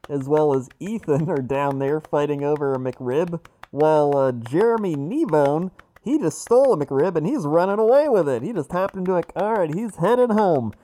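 A man voicing a brash male helicopter traffic reporter with a rapid, joking news-report delivery. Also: fairly high pitch, animated, dark tone, close to an everyday voice. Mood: hyped.

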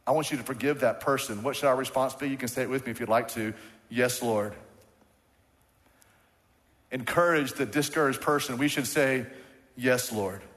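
Preaching as pastor in a church sanctuary, a man leads his congregation in call-and-response and hammers his points through repetition. He speaks quickly with hardly any pauses, in a mid-range, fairly bright voice, and the hall carries a long reverb.

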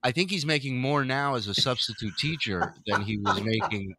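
A male podcast host who mocks his subject bluntly and swears freely. His voice sits at an ordinary middle pitch for a man. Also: moderate pace, bright, forceful tone. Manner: blunt, profane, mocking. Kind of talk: casual podcast commentary.

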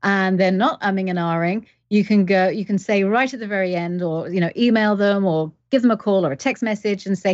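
A woman's voice: mid-range voice, brisk, hardly any pauses, darkish tone, no room sound, lo-fi sound. A woman guest coach giving advice in an interview, explaining by acting out example conversations. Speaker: guest expert, leadership coach.

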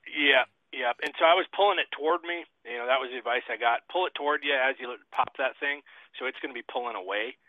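A man telling a story in a folksy, animated way, as a guest on a casual chat over a video call. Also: medium pitch, quick pace, no room sound. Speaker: guest, trapper and shooter. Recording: tinny satellite video call.

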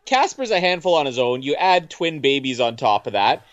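A man's voice: medium pitch, sing-song, moderate pace, no room sound, muffled recording. A man co-hosting a podcast, chatting casually and joking over a film commentary. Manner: laughing, jokey. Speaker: podcast co-host. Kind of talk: casual movie commentary chat.

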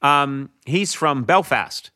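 A man chatting casually as a guest, telling lively anecdotes. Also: medium pitch, takes it slowly. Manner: animated storyteller, slips into Irish voices for laughs. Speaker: talk show host, guest.

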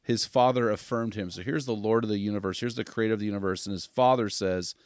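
Guy hosting, kinda low voice, stumbles over his questions, dry close sound. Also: fast talker, smooth, no echo. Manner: hesitant, repeats words when asking. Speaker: host. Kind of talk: interview questions.

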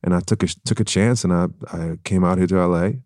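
Casting: middle-aged man, very low voice, faint German accent, measured and reflective, dry close sound. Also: darkish tone, dry recording. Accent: light German. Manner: reflective, measured, with frequent fillers. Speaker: guest, actor and former tennis player. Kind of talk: casual interview chat.

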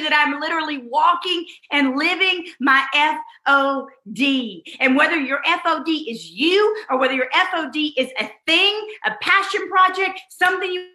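A woman's voice: high-pitched, bright, forceful tone. A woman giving a motivational online course lesson, talking straight to her listeners and repeating phrases for emphasis. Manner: addresses listeners fondly and directly. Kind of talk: motivational teaching talk. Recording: roomy echo.

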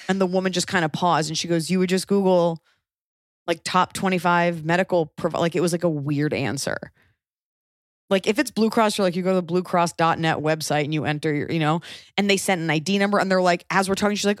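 A woman in her thirties telling a story in casual chat, animated and quick to swear as she acts out what others said. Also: fairly low pitch, no room sound, studio quality. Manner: animated, acts out quotes, swears when angry.

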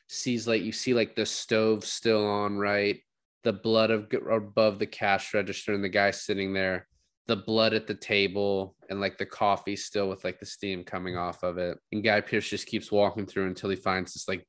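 A man's voice: fairly low pitch, no echo. A man co-hosting a casual film chat, rambling and swearing freely as he retells scenes. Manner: rambling, profane, acts out quotes. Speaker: podcast co-host discussing a film.

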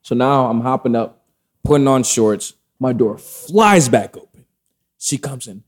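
A man telling a story in casual chat, animated and profane, with loose street slang. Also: medium pitch, a little slow.

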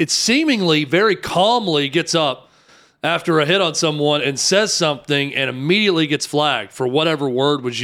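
A man with a fairly high voice hosts a football talk show. He asks his guest long, winding questions and adds his own take along the way. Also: fairly bright tone. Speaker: sports talk show host. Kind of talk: sports talk radio interview.

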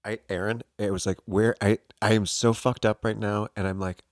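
A man in casual chat, telling a story in an animated, breathless way, with bursts of laughter and swearing. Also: on the low side, normal speed, dry recording, clean studio sound.

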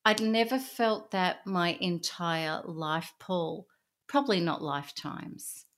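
A woman's voice: fairly low pitch, slow. Earnest woman telling a personal story. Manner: earnest, intense, with soft hushed passages. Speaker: interview guest.

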